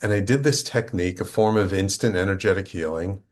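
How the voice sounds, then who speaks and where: Middle-aged man, low voice, conversational storyteller, acts out dialogue, restarts often. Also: a little fast. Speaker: podcast guest, consultant.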